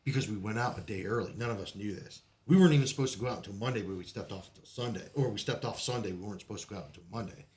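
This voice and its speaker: In a low-leaning, darkish voice, a Marine veteran podcast guest fires off his military stories rapidly with few pauses. He tells them casually, swearing freely and often laughing between lines.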